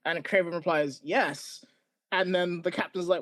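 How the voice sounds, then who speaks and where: A man with a fairly high voice rattles off wry plot recaps on a podcast. He talks casually and quickly. The recording is dry and close. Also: fairly even intonation, a bit bright, no room sound. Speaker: podcast co-host. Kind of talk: casual chat.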